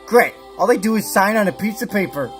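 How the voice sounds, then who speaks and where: A man's voice: sits high, lively intonation, a little fast, a bit bright, faint music behind. A man giving a sarcastic, profane comedic review, ranting over clips.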